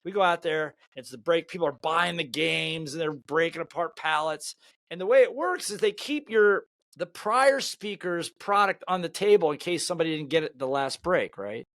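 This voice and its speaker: High-voiced older man telling stories. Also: normal speed, no room sound. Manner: lively anecdotal storyteller who laughs at his own stories. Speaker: guest, sales trainer and author. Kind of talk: storytelling in an interview.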